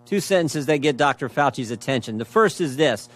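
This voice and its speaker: A man's voice: mid-range voice, animated, fairly quick, fairly bright tone. A middle-aged man speaking emphatically at a hearing, reading out emails and repeating key phrases. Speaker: congressman questioning at a hearing. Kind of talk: speech at a hearing.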